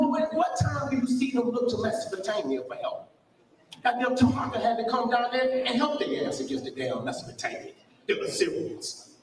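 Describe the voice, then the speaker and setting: A man's voice: sits high, a little hiss or hum. A man in a heated online debate, ranting with passion and frequent swearing as he argues his point. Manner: impassioned, profane ranting. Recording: echoey, distant from the mic.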